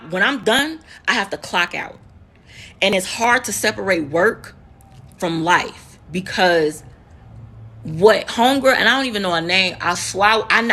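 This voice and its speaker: A woman with a medium-pitched, sharp-toned voice is telling viewers a heated, profane story. She's an American nurse in her thirties, and her emotional storytime vlog is full of repeated words for emphasis.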